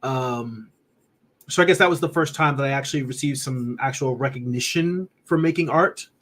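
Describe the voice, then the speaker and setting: A man's voice: medium pitch, moderate pace. A man casually chatting on a livestream as an artist, laughing easily and reading viewer comments aloud. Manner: relaxed, rambling, laughs often, reads chat comments aloud. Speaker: artist streamer answering chat.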